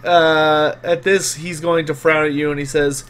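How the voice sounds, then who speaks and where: A man's voice: on the high side, flat delivery, unhurried, few pauses, fairly bright tone, a little hiss or hum. A man narrating as game master in a tabletop role-playing game, casual with many fillers.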